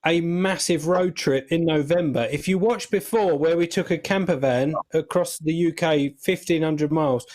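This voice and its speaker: A man's voice: a little high, moderate pace, few pauses, a little mellow. A man co-hosting a casual chat show, presenting clips in an easygoing, chuckling way.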